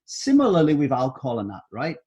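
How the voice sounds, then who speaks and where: A man's voice: medium pitch, wildly swooping pitch, quick pace, darkish tone. A middle-aged man speaking as a guest in an interview, talking emphatically and often checking in with "right?". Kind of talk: interview conversation.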